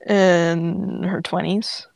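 A woman's voice: on the low side, little pitch movement, drawn-out words, vocal fry, a little mellow, dry recording, studio quality. A woman co-hosting a podcast, reading a fan story aloud and breaking off to react in dismay. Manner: reads narration, breaks off with dismayed asides.

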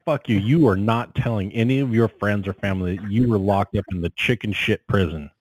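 A young man with a fairly low voice trades blunt, profane jokes as a co-host on a comedy podcast. His voice is close and dry. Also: brisk, a little mellow, no echo, poor audio. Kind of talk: casual comedic chat.

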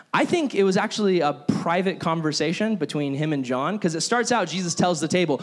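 A man preaching a sermon as a pastor, telling a story in an animated way and acting out its characters. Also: high voice, quick pace, few pauses.

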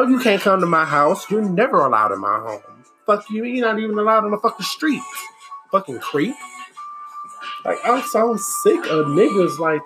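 A woman talking bluntly and profanely in an exasperated, candid monologue. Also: mid-range voice. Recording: music playing behind the voice. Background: music.

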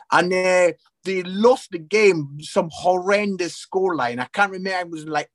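Scottish male guest, 40s, high voice, energetic storyteller. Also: slightly rough. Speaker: guest, Christian podcaster. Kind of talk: casual interview chat.

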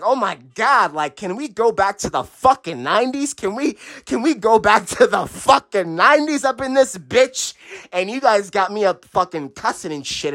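A man's voice: mid-range voice, fairly bright tone, dry recording. A man hosting a podcast in a rambling late-night monologue, giggly, profane and scattered, often breaking off mid-thought. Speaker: podcast host.

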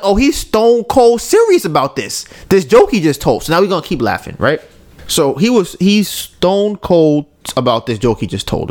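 A man hosting a podcast, telling a story in a casual chat, laughing often and tagging sentences with "right?". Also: sits high. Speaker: podcast host.

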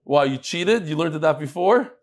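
A man teaching a daily Talmud class as a rabbi, animated and teasing, joking with his audience as he reads messages and sets riddles. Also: fairly high pitch, normal speed. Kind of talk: Talmud lesson with joking banter.

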